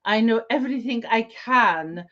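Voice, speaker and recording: A woman's voice: fairly high pitch, lively intonation, a little slow, a bit bright. Woman as a smug french-ish male info broker, lofty lecturing tone, lo-fi podcast sound.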